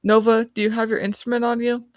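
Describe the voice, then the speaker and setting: A woman voicing a young female team leader who gives quick, quiet orders. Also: fairly high pitch, flat delivery, no room sound, clean studio sound, voice pushed up, natural voice. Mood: urgent. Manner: hushed, hurried orders.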